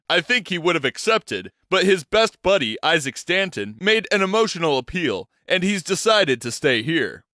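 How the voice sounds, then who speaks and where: A man voicing a cheerful, self-assured adventurous man who speaks calmly and with confidence. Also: a little high, dry recording, studio quality, voice pushed up.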